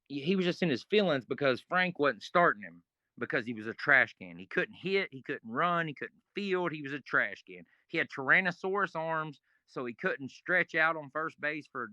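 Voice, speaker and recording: A middle-aged man telling a casual, profane story in an interview, with animated asides. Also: a little high, normal speed, no echo, lo-fi sound. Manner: profane, animated, acts out quoted arguments. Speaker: interview guest.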